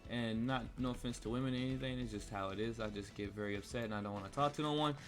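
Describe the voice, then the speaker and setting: A man's voice: mid-range voice, racing, fairly bright tone. A young man vlogging, telling a heated, rambling story full of swearing while he plays a game. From United States. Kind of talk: casual storytime rant while gaming. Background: faint cello music.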